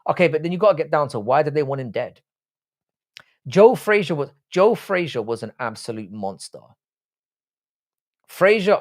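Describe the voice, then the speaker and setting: A British man hosting a live stream, chatting casually and reading out viewer comments. He rambles and swears freely, often restarting his sentences. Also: mid-range voice. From Britain. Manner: rambling, frank and profane, many restarts.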